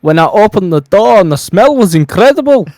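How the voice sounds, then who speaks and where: A man putting on a shaky Scottish accent to voice an irate Scottish man in his thirties, loud and emphatic. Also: high voice, sing-song, a little fast, no echo, voice pushed up. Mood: indignant. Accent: shaky put-on Scottish.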